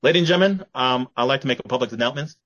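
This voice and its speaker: A man's voice: medium pitch, very fast, fairly bright tone, lo-fi sound. A man hosting a casual podcast, playful and theatrical in his announcements. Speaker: podcast host.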